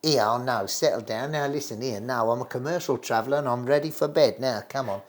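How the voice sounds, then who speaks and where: A man putting on a cheeky old male music-hall comedian, talking in hushed, conspiratorial asides. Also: mid-range voice, a little fast, lightly acted.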